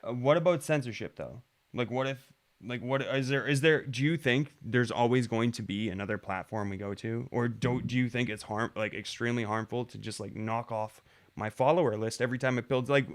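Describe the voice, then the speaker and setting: A man hosting a casual podcast, who talks in a worried, incredulous way and swears often. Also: medium pitch. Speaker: podcast host.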